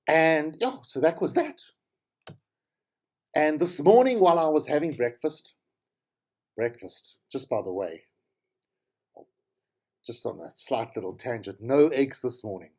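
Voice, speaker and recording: A man's voice: on the high side, expressive, unhurried, long pauses, a little mellow. A middle-aged man with a South African accent, telling rambling, tangential stories as a podcast host. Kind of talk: casual monologue.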